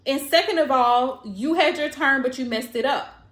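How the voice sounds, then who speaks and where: Emphatic high-voiced woman, echoey room. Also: moderate pace, fairly bright tone. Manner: blunt, emphatic, repeats lines for effect. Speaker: tarot reader. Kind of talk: casual advice monologue.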